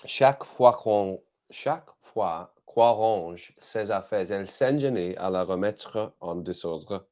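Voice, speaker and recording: A man's voice: deep voice, a little slow, dark tone. A man hosting a casual live chat, playful and chuckling often as he tries out phrases. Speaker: livestream host.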